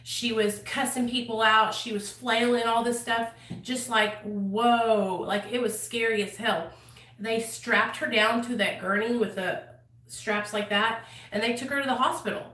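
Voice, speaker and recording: A young woman speaks straight to her viewers, blunt and casual, swearing as she tells her story. Her voice is bright and fairly high. It sounds echoey, as if she sits a little back from the mic in a bare room. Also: steady tone, measured pace, recorded from a distance. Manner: candid, swears freely, addresses viewers directly. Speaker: vlogger.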